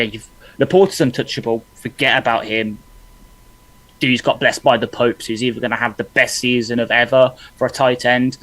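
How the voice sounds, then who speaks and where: A man co-hosts in a relaxed podcast chat. He thinks out loud, restarting his sentences as he works through his analysis, at a middling pitch. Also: low-quality recording. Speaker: podcast co-host.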